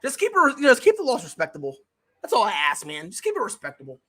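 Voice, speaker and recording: Excitable slangy live game commentator. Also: medium pitch, fast talker. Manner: excitable, bursts into shouted reactions and laughter; slangy, chats with viewers between plays. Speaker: sports streamer. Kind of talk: casual live play-by-play commentary.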